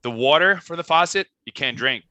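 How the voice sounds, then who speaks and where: A young Costa Rican band member, a guest on a podcast, tells a rambling tour story in a very bright, forceful voice, animated and swearing, with lots of "like" and restarts. His voice is a little high for a man and fairly quick. It's dry and close to the mic, with no echo or room around it.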